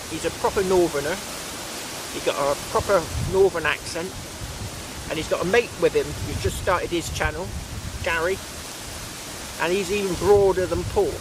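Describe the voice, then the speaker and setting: A man with a West Country accent, his voice sitting a little high, rambles cheerfully to the camera while detecting out in open countryside. His talk wanders and he chats to himself as he goes. The outdoor recording carries a clear hiss with rain and wind behind him. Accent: West Country English. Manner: chatty, rambling, talks to himself while working. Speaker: metal detecting vlogger. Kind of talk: casual commentary to camera. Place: outdoors in rural fields.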